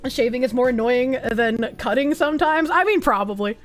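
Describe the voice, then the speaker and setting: A woman's voice: high voice, expressive, normal speed, soft background music. A woman streamer chatting casually with her audience, crude and teasing, breaking into bursts of laughter. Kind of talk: casual chat.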